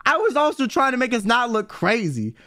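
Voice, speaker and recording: A man telling an animated, slang-filled story in casual chat, swearing freely and acting out what people said. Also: very high-pitched, brisk. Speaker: streamer guest telling a story.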